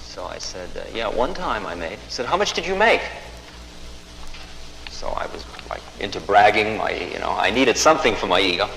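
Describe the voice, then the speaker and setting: A man of medium pitch tells a story from his own life, wry and self-mocking, acting out what everyone said. He is heard in a roomy hall with a long reverb tail. A faint ambient hum runs underneath. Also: animated, brisk, creaky, few pauses, fairly bright tone. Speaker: spiritual teacher telling a story. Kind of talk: storytelling talk.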